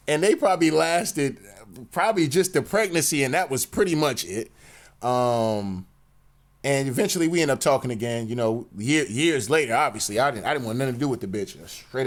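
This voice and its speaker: A man's voice: medium pitch, lively intonation, normal speed. A man telling a personal story in a slang-heavy, profane rant, peppered with "you know what I'm saying". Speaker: commentary channel host.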